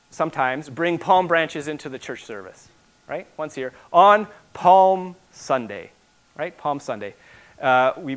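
A man preaching a sermon as pastor, building to loud, emphatic repetition and then dropping to quiet asides. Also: on the high side, clean tone.

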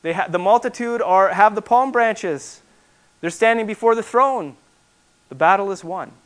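A man preaching a sermon as pastor, building to loud, emphatic repetition and then dropping to quiet asides. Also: high-pitched, moderate pace.

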